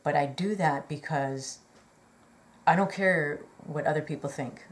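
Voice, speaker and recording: A woman's voice: low voice, measured pace. A woman telling a personal story in a chatty, rambling way, earnest and full of fillers and apologetic asides. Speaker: vlogger.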